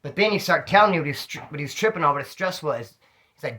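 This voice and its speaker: A middle-aged man telling rambling, slang-filled prison stories in a casual, animated way, a little tipsy. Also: on the high side, fast, breathy edge. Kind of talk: casual storytelling to camera.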